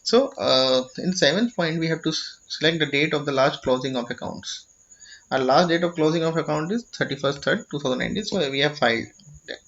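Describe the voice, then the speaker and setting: A man with an Indian English accent, a little high-pitched, walks through a filing form step by step. He keeps asking "okay?" and restarts his phrases. The audio is dull and lo-fi. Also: fairly quick, a bit bright, a little hiss or hum. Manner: repeats "okay?" to check understanding, with frequent restarts. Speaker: tutorial presenter. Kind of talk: explanatory screen-share tutorial.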